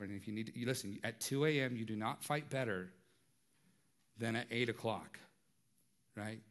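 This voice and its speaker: A man's voice: medium pitch, fairly bright tone. A man preaching a sermon in a conversational way, with light humor and frequent rhetorical asides. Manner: light humor, acts out everyday dialogue. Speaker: pastor.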